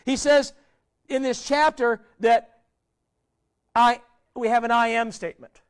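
Male pastor, very high voice, conversational sermon, quizzes the congregation, trails off quietly at phrase ends. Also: steady tone, measured pace, smooth. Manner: asks the congregation many questions, conversational preaching.

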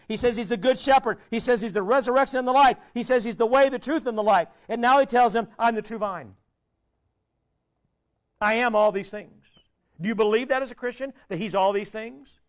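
A man preaching a sermon as pastor, asking the congregation questions and dropping his voice low at the ends of phrases. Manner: asks the congregation many questions, conversational preaching.

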